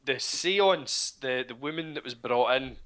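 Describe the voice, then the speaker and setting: Casting note: man, bright tense voice, opinionated podcast co-host. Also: medium pitch, measured pace, clean tone. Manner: animated, opinionated, swears casually. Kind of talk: casual chat about a TV show.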